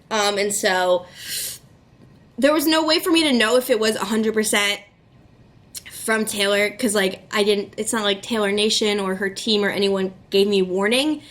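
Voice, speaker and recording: Young woman vlogger, casual storytime, excitable and chatty, lots of fillers, mid-range voice. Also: medium pitch.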